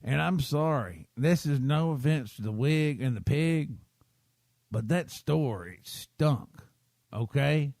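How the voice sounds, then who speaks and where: A man's voice: fairly high pitch, expressive, slow pace, creaky, darkish tone, no room sound, studio quality. A man, hosting a podcast and rambling through a self-deprecating story while checking in with his listeners. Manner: chatty, keeps checking in with listeners. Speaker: podcast host.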